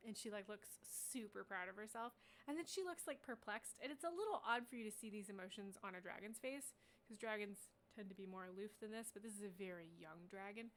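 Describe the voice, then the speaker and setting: A woman's voice: medium pitch, fairly quick, hardly any pauses. A woman running a tabletop game, narrating scenes in a loose, casual way. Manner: casual, descriptive, full of "like". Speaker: game master.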